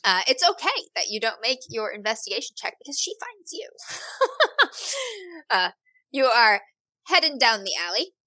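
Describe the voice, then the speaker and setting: A woman's voice: a little high, big pitch swings, moderate pace, long pauses, bright, forceful tone, dry recording, low-quality recording. A woman narrating as game master in a tabletop game, rambling with fillers and self-corrections and laughing at herself.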